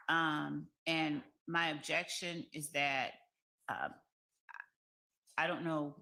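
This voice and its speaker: A woman attorney making a legal objection in court, measured, with occasional fillers. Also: mid-range voice, vocal fry, pushed and bright.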